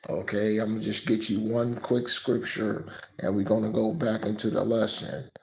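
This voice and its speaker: A man teaching from scripture, tagging nearly every sentence with "okay?" and reading the verses slower and louder. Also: lowish voice, level tone, creaky, low-quality recording. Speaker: preacher.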